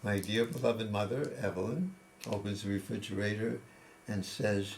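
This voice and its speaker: In an interview, a man in his 80s tells personal stories in casual, reflective conversation, frequently starting his sentences over. He speaks at normal speed with a fairly low pitch, fairly even intonation and vocal fry.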